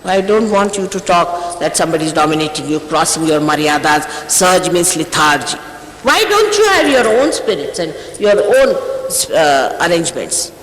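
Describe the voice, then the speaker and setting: Speaking in a lowish, very animated voice at a moderate pace, a woman in her sixties, a spiritual teacher, sternly rebukes her followers with emphatic rhetorical questions. The recording is a 1980s archive tape from an echoey hall with long reverb and faint ambience.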